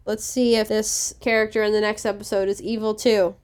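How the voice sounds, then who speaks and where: A woman's voice: mid-range voice, little pitch movement, a little fast. A young woman co-hosting a podcast, giving frank, confident opinions in casual chat. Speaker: podcast co-host.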